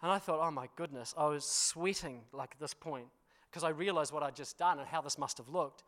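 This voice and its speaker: A man with a fairly high voice preaches to his congregation. He tells stories in an animated, self-deprecating way, laughing at himself, and keeps checking in with his listeners. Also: brisk. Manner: addresses congregation with frequent "you know" and "hmm?". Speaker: pastor. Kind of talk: storytelling sermon.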